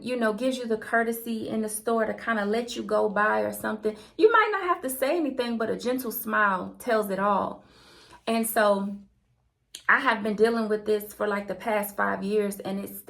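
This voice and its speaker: A woman with a Southern American accent, from the Deep South, telling a personal faith story in a conversational, earnest way. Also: gravelly, a bit bright. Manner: conversational and earnest, with colloquial turns of phrase. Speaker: channel host.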